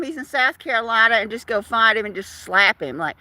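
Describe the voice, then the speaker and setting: A woman's voice: fairly high pitch, normal speed, hardly any pauses, pushed and bright, dry recording. A woman host on a livestream, ranting in an indignant, emphatic, casual way. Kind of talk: casual ranting live chat.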